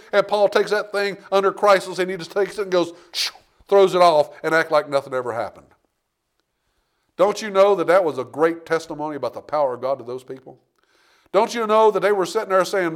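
A man preaching a sermon from the pulpit, his voice sitting a little high for a man. He drops low and earnest, then climbs into loud, dramatic bursts, acting out quoted voices along the way. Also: lively intonation, brisk. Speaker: pastor.

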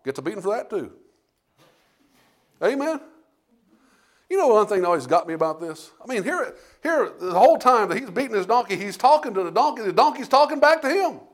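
A man preaching a sermon in a folksy, animated storytelling way, often asking the congregation "Amen?". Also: high voice, a little fast, pauses often.

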